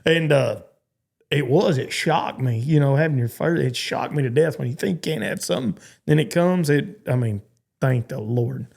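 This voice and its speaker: Texan guy in his 40s, gravelly voice, rambling stop-start storytelling on a podcast. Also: mid-range voice, normal speed, a little mellow. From Texas. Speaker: guest, cowboy.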